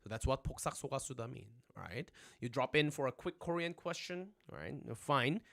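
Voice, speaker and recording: A young man teaching a casual livestream language lesson, chatty and animated, always checking in with his viewers. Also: medium pitch, quick pace, gravelly.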